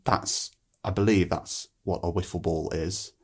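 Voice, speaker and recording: A woman asking quickfire quiz questions in casual podcast chat, briskly and with laughs. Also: rumbling low, steady tone, a little mellow, breathy edge.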